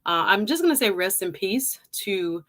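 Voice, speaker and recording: A woman's voice: mid-range voice, very animated, moderate pace, a bit bright. A woman born in Jamaica with a light Jamaican accent, hosting a casual livestream and greeting viewers by name in a chatty way. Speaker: livestream show host. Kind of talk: casual live-stream intro.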